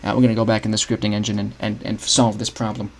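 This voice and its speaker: Building a game map on a livestream, this young male streamer talks things through casually, thinking aloud, frequently starting over and chatting with his audience. He has a fairly low voice with a flat delivery, talks fast, and there's a slight hiss or hum.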